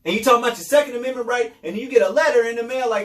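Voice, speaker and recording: A man's voice: very high-pitched, racing, fairly bright tone, echoey room, distant mic. A man hosting a podcast, giving casual commentary in a loose, repetitive way with sarcastic asides. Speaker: podcast host.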